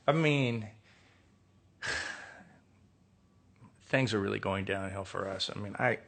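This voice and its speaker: A man's voice: on the low side, slow, gravelly, pauses often, a bit bright. A middle-aged American man chatting alone on a phone live stream, reading out fan questions and riffing on them with dry, sarcastic jokes. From United States. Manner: reads questions aloud and riffs with dry, joking sarcasm. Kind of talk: casual solo live stream chat. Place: indoor room with a window.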